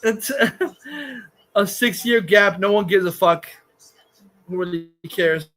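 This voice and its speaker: Casting: high, bright male streamer, crude rambling rant, frequent laughs. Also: slow. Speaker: streamer host. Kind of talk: casual livestream rant.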